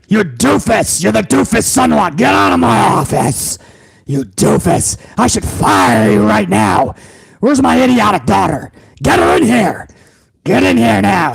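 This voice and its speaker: Guy doing a ranting old boss, yelling, fairly high and gravelly. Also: no room sound, exaggerated voice. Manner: barking insults and threats. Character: ranting older male company boss, tyrannical.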